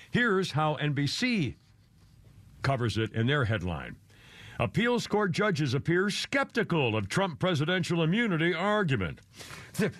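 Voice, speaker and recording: This is a male radio host sitting close to a dry studio mic. His voice sits a little high. He rambles from topic to topic, laughs often and pokes fun at himself while he chats with callers and comments on the news. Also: fairly bright tone, no echo. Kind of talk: talk radio chat and commentary.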